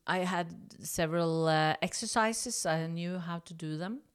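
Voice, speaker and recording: As a guest in an interview, a middle-aged Norwegian woman narrates a story in English at a measured pace, her tone clean and slightly low. Hesitant and prone to restarts and fillers, she becomes lively whenever she voices the dialogue.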